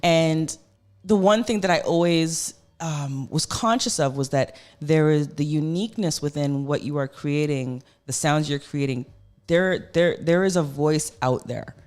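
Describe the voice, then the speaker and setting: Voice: medium pitch, a little mellow. A radio host chatting with guests in a studio, effusive and rambling, with many fillers. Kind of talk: casual radio interview.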